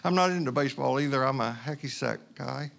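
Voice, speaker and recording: A man's voice: mid-range voice, quick pace, gravelly, a bit bright. A man voicing Jesus as a swarthy stranger in a sermon story, mock-cheerful and pointedly ironic.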